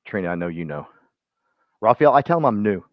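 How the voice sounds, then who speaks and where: A man's voice: lowish voice, fairly quick, no room sound. Folksy man giving a pep talk. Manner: folksy and animated, speaks straight to listeners by name. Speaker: real estate team speaker. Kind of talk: motivational talk to a team. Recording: dull lo-fi sound.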